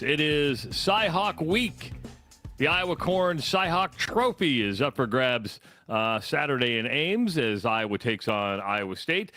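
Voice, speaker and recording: A man hosting sports radio, energetic and joking at his own expense. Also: medium pitch, measured pace, music in the background. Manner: energetic, self-deprecating.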